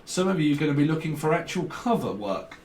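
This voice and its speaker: A very animated man with a slightly high, darkish voice talks quickly through a casual tarot reading, rambling, joking, and chuckling between thoughts. The mic is distant, so there's roomy echo and faint noise.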